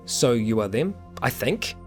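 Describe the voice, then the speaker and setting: A man voicing an elderly Russian woman with a put-on Russian accent and a slow, heavy, gangster-like delivery. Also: medium pitch, big pitch swings, soft background music. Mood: guarded. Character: elderly Russian woman, stern leader type.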